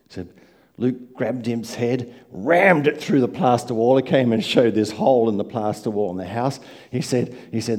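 A man preaching a sermon, telling stories and swinging from quiet asides to loud emphatic lines. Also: mid-range voice, moderate pace. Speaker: pastor.

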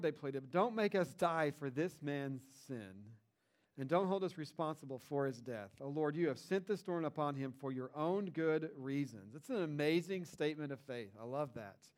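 Animated, conversational male preacher. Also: moderate pace. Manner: conversational and animated, rises in pitch and volume for emphasis. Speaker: pastor. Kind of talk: casual sermon, retelling a Bible story.

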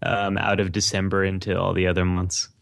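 A man's voice: deep voice, monotone, fairly quick, gravelly, fairly bright tone, dry recording, studio quality. A man hosting a podcast, chatting casually and musing in an earnest, thoughtful way. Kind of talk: casual chat.

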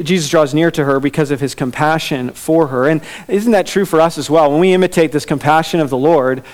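Conversational man preaching, fairly high voice. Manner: conversational preaching with fillers and asides. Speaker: pastor. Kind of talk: sermon.

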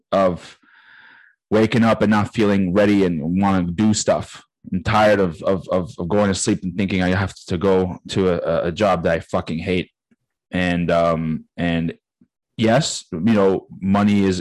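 A low male voice, a little slow, recorded dry with poor audio quality. The speaker, a podcast co-host in his late thirties, tells an animated story in casual chat, swearing, acting out quoted lines, and laughing often.

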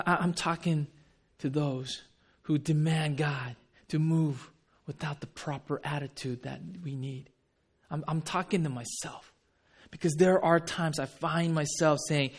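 A man preaching a sermon. He drops to hushed tones and acts out quoted pleas. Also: on the high side, a little slow, husky. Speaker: pastor.

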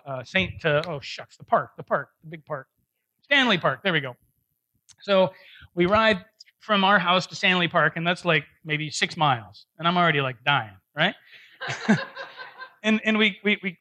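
A man preaching a conversational sermon, telling a personal story in an animated, self-deprecating way with frequent laughter. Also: fairly high pitch. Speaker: pastor.

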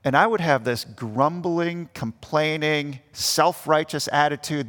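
A man's voice: fairly high pitch, a little slow, few pauses, fairly bright tone. A young man preaching an earnest sermon as pastor, acting out the grumbling voices he quotes. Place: church. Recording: long church reverb.

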